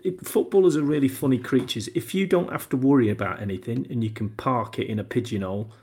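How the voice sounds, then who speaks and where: A man with a gravelly, creaky voice talks casually in an interview. He tells stories as a former footballer, looping back, restarting and acting out what people said. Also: medium pitch, fast talker, dark tone. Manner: rambling, with many restarts and acted-out quotes. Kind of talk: casual anecdotal interview talk.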